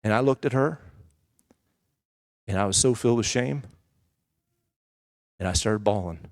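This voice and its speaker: A man's voice: lowish voice, measured pace, no room sound. Candid male preacher in a dry church recording. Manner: conversational, candid storytelling with asides. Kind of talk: personal testimony sermon.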